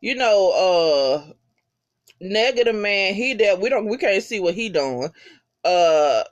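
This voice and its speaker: Animated, swearing TV episode recapper. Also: mid-range voice, takes it slowly, highs cut off. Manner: animated, heavy swearing, slangy. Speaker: TV episode reviewer. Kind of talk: casual profane episode recap.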